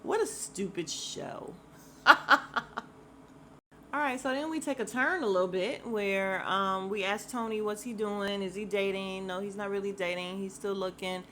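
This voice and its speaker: A woman hosting a podcast, recapping a reality show in a blunt, animated, casual way with laughing asides. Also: medium pitch, moderate pace, hardly any pauses, a little hiss or hum. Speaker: podcast host.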